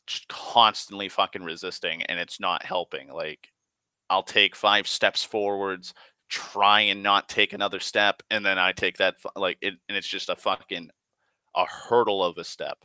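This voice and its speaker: A man's voice: on the low side, sharp tone, dry recording. A man casually recounting a tabletop game session, rambling and profane, full of fillers and restarts. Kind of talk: casual spoken storytelling.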